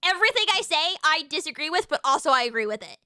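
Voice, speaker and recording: A woman's voice: high-pitched, sing-song, quick pace, bright, forceful tone, no echo, clean studio sound. A woman from the United States chatting on a livestream, ranting and swearing in a playfully indignant way. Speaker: streamer. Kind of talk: casual livestream chat.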